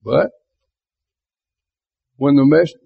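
A man's voice: a little high, drawn-out words, gravelly, breathy edge. A man teaching a Bible class in a conversational way, asking his listeners rhetorical questions. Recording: tinny phone-like lo-fi recording.

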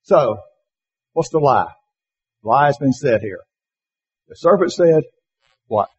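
A man teaching a Bible class, reading verses slowly and with emphasis and putting questions to his listeners. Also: mid-range voice, expressive, highs cut off, a little hiss or hum. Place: classroom or church hall with slides.

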